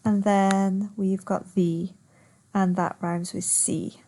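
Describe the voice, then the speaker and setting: A woman's voice: medium pitch, flat delivery, slow, dark tone. Patient woman teaching online. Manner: patient, explains step by step, stretches words to show stress. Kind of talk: recorded online lesson.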